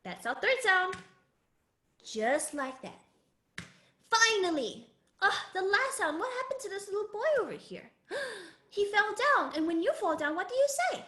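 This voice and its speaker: A woman teaching a live online music and Mandarin lesson to children in an animated, sing-song manner. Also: very high-pitched, moderate pace, echoey room. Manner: animated, sing-song, calls herself in third person. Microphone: video call.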